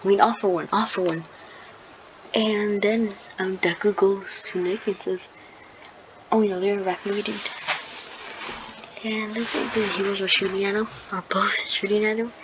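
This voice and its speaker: A woman's voice: mid-range voice, fairly even intonation, normal speed. A woman improvising a fan-fiction retelling, rambling with many ums, likes and restarts. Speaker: storyteller. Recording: dull lo-fi with loud noise.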